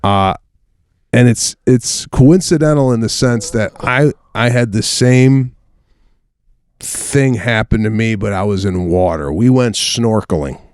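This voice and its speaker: Low-voiced, wry middle-aged man. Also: a little slow, darkish tone, clean tone, dry recording. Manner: wry, incredulous, swears. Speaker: podcast co-host. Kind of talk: casual chat.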